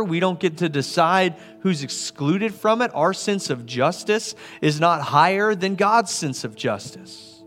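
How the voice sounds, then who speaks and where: A man preaching a sermon as a pastor, earnest, swelling to emphatic and then dropping soft. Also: on the high side.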